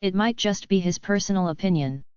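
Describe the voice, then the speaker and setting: A woman's voice: mid-range voice, brisk, darkish tone, clean tone, no room sound, lightly acted. A woman voicing a modest young man who is a reluctant hero, speaking plainly. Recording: dull lo-fi audiobook recording.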